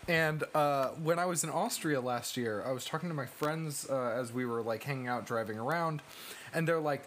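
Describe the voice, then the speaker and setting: A young man co-hosts a casual movie podcast, chatting loosely, laughing along and swearing as he tells stories. His medium-pitched voice is expressive, a bit bright and slightly fast, with some background noise behind it.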